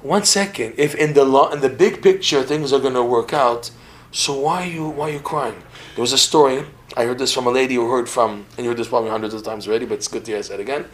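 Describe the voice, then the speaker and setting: A man of middle pitch teaching in a relaxed podcast conversation. He tells stories with lively energy, doubling back on words as he goes and laughing now and then. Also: quick pace. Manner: animated, repeats words, laughs while telling stories. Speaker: religious teacher.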